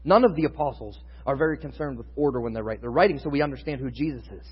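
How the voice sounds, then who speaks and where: A man's voice: medium pitch, fast, husky. A man preaching a sermon in a conversational teaching style, building in intensity at times. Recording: muffled sound with long reverb in a hall.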